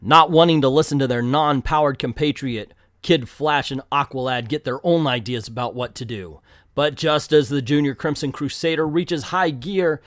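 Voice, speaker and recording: A man's voice: medium pitch, moderate pace, fairly bright tone, dry recording, studio quality. A man reading an old comic aloud, breaking off for wry, sarcastic commentary. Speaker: comic reader and reviewer.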